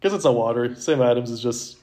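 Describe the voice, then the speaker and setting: Fast and mellow, with a mid-range voice, a young Baltimore-area man co-hosts a movie podcast. He rambles casually, packing his sentences with "like."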